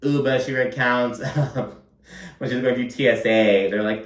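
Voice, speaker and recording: Brief: man, mid-pitched, chatty profane recap commentary, recorded a bit off-mic in an echoey room. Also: steady tone, unhurried. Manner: gossipy, profane, frequent "like" fillers. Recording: roomy, distant from mic.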